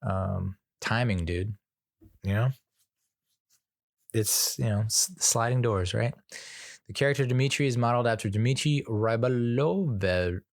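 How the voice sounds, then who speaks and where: A young podcast host with a medium-pitched, creaky voice talks a little slowly, leaving long pauses as he casually reviews a movie alone. He rambles, laughs at his own stumbles, and performs quotes while retelling scenes. The studio recording is clean, with no room sound.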